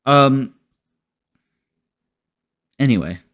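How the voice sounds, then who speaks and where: A man's voice: medium pitch, expressive, very slow, a bit bright. Rambling, profane male podcast host. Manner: rambling, profane, laughs often. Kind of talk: casual movie review chat.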